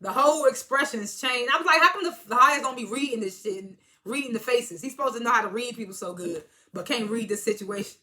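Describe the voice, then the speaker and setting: A woman's voice: on the high side, expressive, quick pace, few pauses, a crowd in the background. A woman reviewing a TV episode in a casual, chatty recap, amused and laughing often as she retells scenes.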